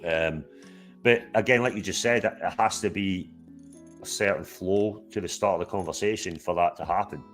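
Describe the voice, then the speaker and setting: A man's voice: low voice, moderate pace, soft background music. A man co-hosting a live-stream chat, swearing a lot and laughing as he retells stories. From Australia. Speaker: co-host.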